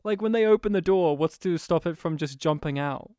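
High-voiced man ranting about a film. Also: a little fast, smooth, no echo, studio quality. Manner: animated, sweary, mimics lines. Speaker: podcast co-host. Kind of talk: casual film review chat.

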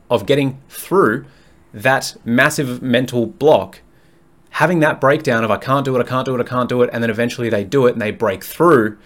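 A man hosting a fitness podcast alone, talking bluntly and frankly, swearing freely and rambling as he thinks aloud. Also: medium pitch. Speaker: fitness coach and podcast host. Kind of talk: candid solo podcast monologue.

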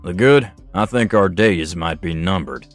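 A man voicing a gloomy, stubborn outlaw who speaks low and subdued. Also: big pitch swings, moderate pace, faint music behind. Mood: sad.

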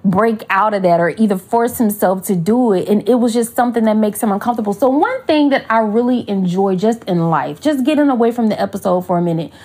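Husky woman host, casual and animated, slangy storytelling, acts out other people's voices. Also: mid-range voice, a little fast, few pauses. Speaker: podcast host.

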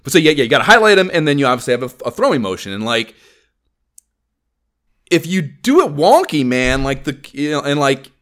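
A man's voice: a little high, very animated, brisk, a bit bright. A man, co-hosting a casual gaming podcast, rambling and swearing with lots of fillers. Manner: rambling, profane, filler-heavy. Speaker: podcast co-host.

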